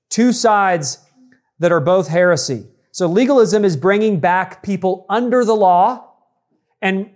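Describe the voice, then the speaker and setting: A man's voice: sits high, a little mellow. A man preaching an expository sermon, teaching emphatically and addressing the congregation directly. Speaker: pastor.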